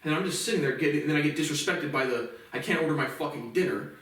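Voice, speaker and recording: A man's voice: on the high side, fast, a bit bright. A man in his late twenties ranting bitterly to camera in a profane personal monologue. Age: late 20s. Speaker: vlogger. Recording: echoey room from far off.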